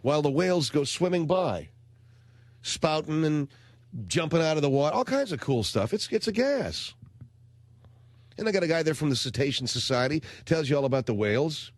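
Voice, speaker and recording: Rambling sardonic radio host, lively pitch. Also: male voice, normal speed, dry recording. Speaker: radio talk show host. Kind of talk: comedic radio monologue. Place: radio studio.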